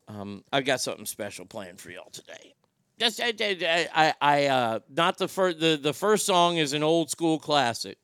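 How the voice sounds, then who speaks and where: A man's voice: fairly high pitch, pushed and bright, smooth, no room sound, studio quality. A man hosting an irreverent comedy show, rambling and swearing freely with crude jokes. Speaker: host.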